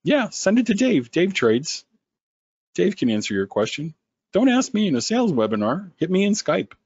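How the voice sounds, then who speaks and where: A man who founded a company, running a sales webinar in an animated, sarcastic way. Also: breathy edge, no room sound, lo-fi sound. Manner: animated, sarcastic, quick swings in pitch.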